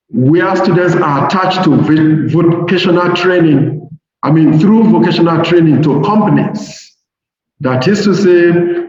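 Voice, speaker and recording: Middle-aged Nigerian English professor, slow and deliberate, in a very echoey, muffled hall recording. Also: male voice, fairly high pitch, a little mellow. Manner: measured, deliberate, slows to stress key points. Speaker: professor giving a seminar lecture. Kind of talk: academic lecture reading from slides. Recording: very echoey hall, dull lo-fi sound, faint noise.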